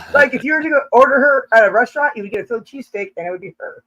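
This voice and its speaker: A woman's voice: on the high side, fast talker, sharp tone, highs cut off. A woman hosting a casual live chat, joking and teasing, laughing often between lines. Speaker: livestream host.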